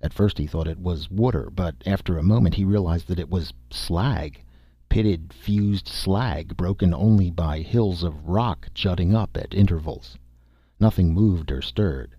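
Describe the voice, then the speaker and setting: A man narrating a science fiction story in a steady, measured reading voice, with a husky tone. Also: deep voice, dry recording. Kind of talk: audiobook narration.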